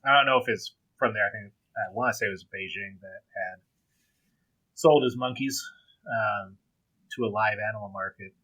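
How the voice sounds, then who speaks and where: Low, bright-toned rambling male co-host. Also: steady tone, normal speed, no echo, poor audio. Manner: rambling, hesitant, full of ums. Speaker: podcast co-host. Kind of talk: casual chat.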